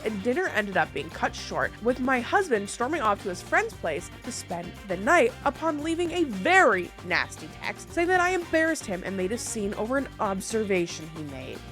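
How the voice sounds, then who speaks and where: A woman casually reading online posts aloud and breaking off for blunt, jokey commentary. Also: on the high side. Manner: animated, jokey, blunt, riffs between readings. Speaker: YouTuber reading Reddit stories.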